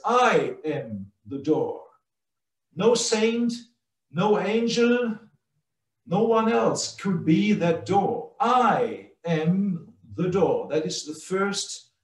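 A man preaching a sermon, slow and emphatic, repeating key phrases. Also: a little high. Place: church hall. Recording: echoey hall, mic at a distance.

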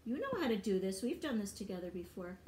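A woman's voice: mid-range voice, big pitch swings, fast, warm tone, a little hiss or hum. A woman teaching a music lesson to young children online, encouraging and patient, often chanting and singing syllables.

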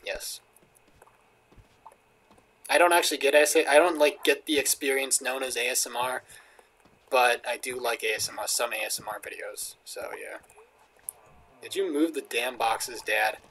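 A young gaming video host with a mid-range, fairly bright voice commentates casually on his let's play at a moderate pace, pausing often. He jokes, reads the in-game lines aloud and chuckles often, with faint game music underneath and a little hiss or hum.

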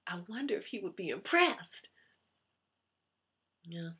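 A woman with a Southern accent performing a chatty, animated audition monologue to her diary. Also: medium pitch, takes it slowly, husky. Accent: put-on Southern US. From US Midwest. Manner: chatty, animated, self-promoting. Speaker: actress auditioning.

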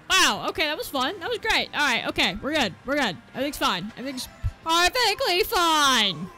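A young woman commentates her gameplay in a high, bright voice that swings wildly up and down. She yelps, curses and laughs at her own mistakes. Faint game music plays underneath. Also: brisk. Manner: excitable, yelps and swears, laughs at herself. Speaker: gaming video creator.

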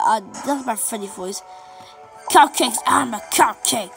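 A woman giving excitable let's play commentary over a game, chanting and repeating little phrases as she plays. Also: high voice, unhurried, vocal fry, faint music behind. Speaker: gameplay commentator.

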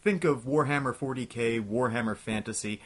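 A young man hosting a comedic game review, ranting in an exasperated, scattershot way and talking himself back to calm. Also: mid-range voice, normal speed. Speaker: host of a retro game review show.

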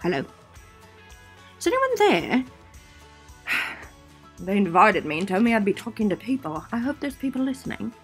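A woman's voice: mid-range voice, very animated, moderate pace, pauses often, breathy edge, soft background music. A woman doing a lonely, unsure guest speaker. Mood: uncertain.

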